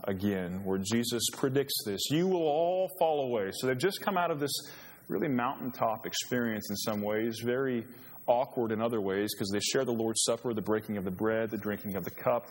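A pastor delivers his sermon in a church sanctuary, where the long reverb of the hall surrounds his voice. He sounds earnest, building to emphasis as he quotes scripture, and speaks at a moderate pace in a fairly low pitch.

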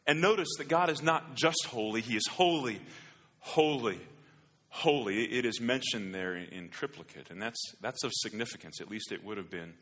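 Male pastor, sermon delivery, low-pitched and forceful, builds to emphatic peaks; long hall reverb. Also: brisk, hardly any pauses. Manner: repeats words at phrase starts, builds to emphatic rises.

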